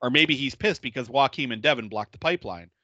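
A man's voice: medium pitch, quick pace, pushed and bright, no echo, dull audio. A man hosting a podcast, recapping a movie in casual chat, laughing often and acting out the characters' lines. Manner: laughs often while retelling scenes; acts out quotes in exaggerated voices. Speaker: podcast host.

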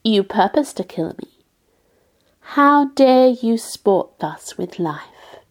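A woman voicing an anguished, towering female creature who is bitter and menacing, in a slow, grave audiobook reading. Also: fairly high pitch, lively intonation. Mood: bitter menace.

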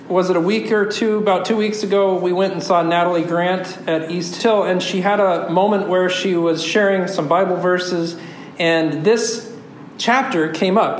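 A man's voice: high-pitched, slight background noise. A man pastor giving a conversational sermon and reading scripture aloud, often restarting and correcting himself. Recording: echoey room.

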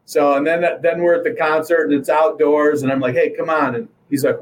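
A man's voice: fairly high pitch, quick pace, few pauses, slight background noise, rough recording. A middle-aged man telling a long story in casual chat, rambling with fillers and restarts. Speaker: guest.

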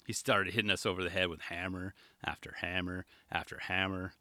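Guy reacting to a skate vid, bright voice, bouncy pitch, dry close sound, rambly and jokey. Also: a little fast, no echo. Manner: animated, jokey, trails off into mumbles. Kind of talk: casual video reaction commentary.

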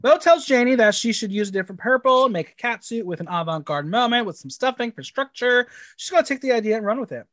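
Lively, high-voiced podcast host. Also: male voice, fast talker, hardly any pauses, no echo. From United States. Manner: animated, laughs often, camp and swearing. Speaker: podcast co-host recapping a TV show. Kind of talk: casual chat.

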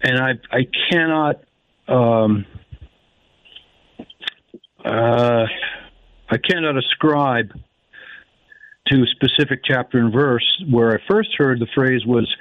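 A man calling in on a tinny phone line that sounds dry and close. He speaks haltingly and reflectively, slowing right down to stress the phrases he quotes. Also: medium pitch, no echo. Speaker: caller. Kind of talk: phone-in call.

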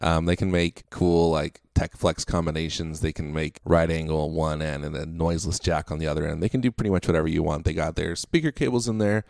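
A man's voice: rumbling low, fairly even intonation, a little fast, vocal fry, few pauses, darkish tone, dry recording, clean studio sound. A man co-hosting a podcast, telling a story in casual chat and laughing often as he talks. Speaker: podcast co-host.

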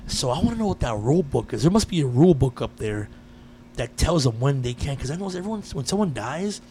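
A man in casual chat, telling a personal story with lively energy and frequent swearing. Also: mid-range voice, fast talker, slight background noise. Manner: animated storyteller, swears freely.

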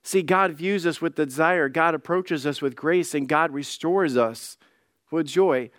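Male lead pastor, higher-pitched, fervent sermon delivery that swings between loud and soft, dry close-miked sound. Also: measured pace, dry recording. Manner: impassioned preaching that swings between soft pleading and loud declaration; acts out quoted voices in his telling.

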